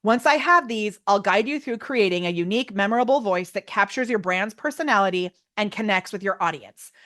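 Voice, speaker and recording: A woman presenting a live online workshop, talking in an excited, loud way and laughing often. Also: mid-range voice, a little fast.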